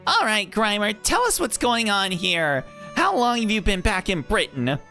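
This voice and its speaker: A man's voice: high voice, big pitch swings, moderate pace, bright, forceful tone, soft background music, pitched above the performer's own voice, heavily acted. A man reading a game aloud and voicing an earnest, curious young woman companion with a questioning lilt.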